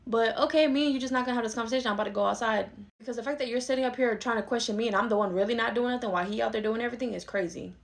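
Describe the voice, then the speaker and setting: A woman's voice: on the high side, very fast, gravelly, noisy background. A woman playing an argumentative young adult daughter who pushes back against her mother in a comedy skit. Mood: frustrated. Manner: argumentative, sarcastic. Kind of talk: skit role-play.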